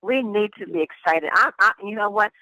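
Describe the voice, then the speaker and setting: An excited pastor closes out a motivational conference call, piling on thanks and encouragement. The voice is bright and forceful, and the sound is dry and close. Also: mid-range voice, a little fast, dry recording, low-quality recording. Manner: effusive, gushing, repeats phrases. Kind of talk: hyped-up motivational call host.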